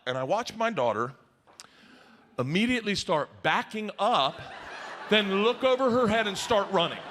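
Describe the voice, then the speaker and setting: A male stand-up comedian on a live stage, telling stories loudly and acting out other people's voices. His voice sits high and swings wildly in pitch. The room's ambience is clearly heard behind him. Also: moderate pace, background noise. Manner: loud, animated storytelling with acted-out voices.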